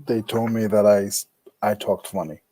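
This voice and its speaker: Mellow-voiced man with a Rhode Island accent. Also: on the low side, steady tone, moderate pace, no echo. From New England. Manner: joking, laid-back, drops r sounds. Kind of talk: casual chat.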